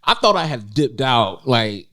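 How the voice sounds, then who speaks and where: A man's voice: medium pitch, sing-song, fairly bright tone, no echo, studio quality. A young man, a podcast co-host from North Carolina, telling a personal story in casual conversation with many fillers and restarts. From North Carolina, USA. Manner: halting, many fillers and restarts, voice lifts when quoting himself. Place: indoors in a cafe.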